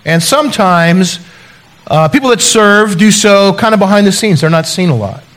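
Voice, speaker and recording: Middle-aged guy preaching, higher voice, chatty storytelling, pokes fun at himself. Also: animated, moderate pace, fairly bright tone. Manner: conversational storytelling with self-deprecating humor. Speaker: pastor. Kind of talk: sermon.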